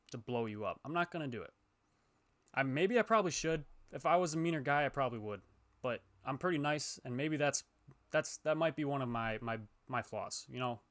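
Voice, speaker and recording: A young man, a gaming YouTuber, ranting heatedly and profanely to his viewers, swinging between loud outbursts and low muttering. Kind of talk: ranting to camera.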